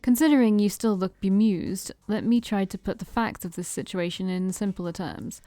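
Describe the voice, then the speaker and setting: A woman's voice: medium pitch, warm tone, no room sound, natural voice. A woman reading as a smug vampire man. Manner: slow, emphatic, teasing. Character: smug theatrical male vampire, preacher-like.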